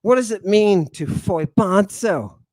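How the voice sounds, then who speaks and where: A man with a fairly high voice lectures slowly and deliberately, stretching out his points. He sounds playful and emphatic, often tossing a question back at the listener. The sound is close and dry, with no room around it. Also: animated, a little mellow, dry recording. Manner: emphatic and playful, keeps asking "right?". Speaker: host.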